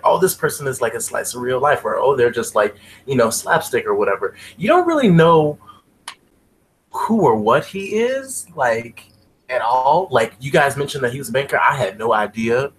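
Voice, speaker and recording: Laid-back male co-host, rambling and filler-heavy, animated pitch, slight background hiss. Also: moderate pace, rough recording. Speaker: podcast co-host. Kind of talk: casual chat.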